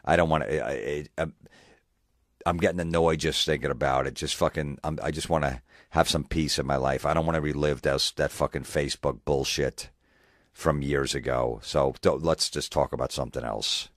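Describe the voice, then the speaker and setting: A man's voice: rumbling low, fairly even intonation, normal speed, dry recording, clean studio sound. A man doing a grumpy rambling old man. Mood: grumbling. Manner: rambling, irritable, profane. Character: grumpy eighty-seven-year-old man reminiscing.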